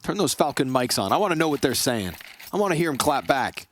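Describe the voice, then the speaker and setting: A man with a sick voice doing quick, excitable play-by-play esports commentary with jokes. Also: medium pitch, slight background noise. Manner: fast, excitable, jokey. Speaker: esports caster.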